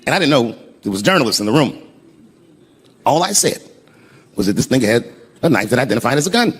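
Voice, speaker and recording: Animated male stand-up comic, noisy live room. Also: quick pace. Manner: animated, jumps to high shouted punchlines. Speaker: stand-up comedian. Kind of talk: stand-up storytelling. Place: stage before a live audience. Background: audience laughter.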